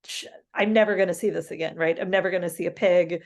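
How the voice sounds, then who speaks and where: A woman's voice: on the low side, quick pace, gravelly. A woman co-hosting a podcast, telling a travel story casually with frequent laughs and fillers. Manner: animated, laughs mid-story, many fillers. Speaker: podcast co-host.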